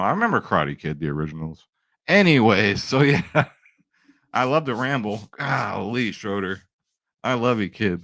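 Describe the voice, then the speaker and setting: A man in his forties hosting a sports betting vlog, rambling and excitable in casual chat to camera. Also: fairly low pitch, no room sound. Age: 40s.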